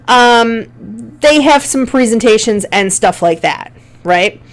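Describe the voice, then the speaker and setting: A woman's voice: fairly high pitch, slow pace. A woman from Buffalo with a Western New York accent, giving a conversational recorded college lecture on a play, with frequent fillers. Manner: conversational, many fillers, reads examples aloud. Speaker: college English teacher.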